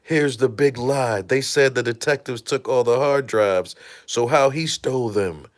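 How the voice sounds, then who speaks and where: Guy doing loose livestream commentary, animated and cussing as he tells the story. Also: medium pitch, unhurried. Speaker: host.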